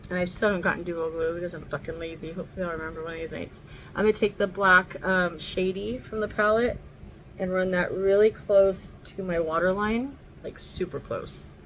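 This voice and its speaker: A woman's voice: fairly low pitch, steady tone, a little fast, a bit bright, rough recording. Woman, casual makeup vlog, rambling, chatty, light cursing, home recording, faint background noise. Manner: talks sweetly to her dog. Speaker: makeup vlogger. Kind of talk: casual makeup tutorial chat.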